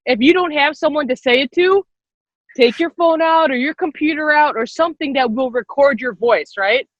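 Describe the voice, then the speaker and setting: A woman's voice: high-pitched, moderate pace, dry recording. A young woman leading a live online class for girls, upbeat and encouraging, repeating herself and laughing often. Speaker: workshop leader. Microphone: computer mic on a video call. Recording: dull lo-fi video call sound.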